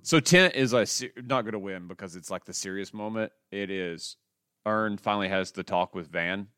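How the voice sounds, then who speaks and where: Male podcast host, low smooth voice, dry sound. Rambling, excitable recapper, curses freely. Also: moderate pace, dry recording. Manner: rambling, excitable, swears, lots of "like". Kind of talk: casual chat recapping TV shows.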